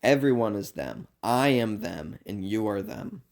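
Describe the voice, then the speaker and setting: This young man, a university student, has a lowish, gravelly, expressive voice and talks a little slowly. His comedic monologue rambles earnestly, veering from loud outbursts to quiet asides.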